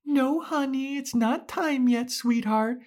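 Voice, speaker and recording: A man's voice: very high-pitched, darkish tone, pitched above the performer's own voice. A man putting on a sugary, condescending young woman who coos endearments at a child. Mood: patronizing. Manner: cooing, patronizing, drawn-out endearments.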